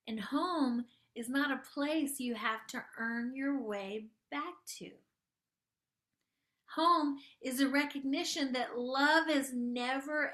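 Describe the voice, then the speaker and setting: A woman hosting a gentle spiritual coaching talk and guided meditation. She speaks soft and tender, draws her words out, and sometimes drops to a hushed near-whisper. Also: high-pitched, slow. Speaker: host and spiritual life coach.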